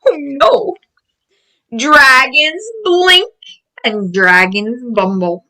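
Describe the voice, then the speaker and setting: A woman reading a picture book aloud to children, excited and exclaiming, with gasps and cries of surprise. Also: extremely high pitch, slow pace, poor audio.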